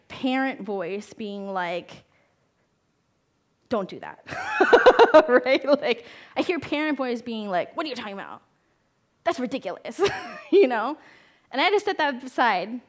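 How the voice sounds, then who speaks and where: A young woman therapist speaking to a room of parents in a chatty, conversational way, her voice sitting a little high. She often asks the audience questions and briefly slips into the voices of the people she quotes. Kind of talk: talk at a conference.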